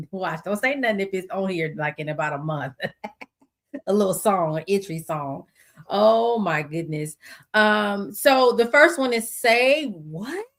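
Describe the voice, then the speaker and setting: A woman's voice: medium pitch, lively intonation, takes it slowly. A middle-aged American woman hosting her own podcast, talking casually with many fillers and asides. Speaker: podcast host. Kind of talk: casual solo podcast talk.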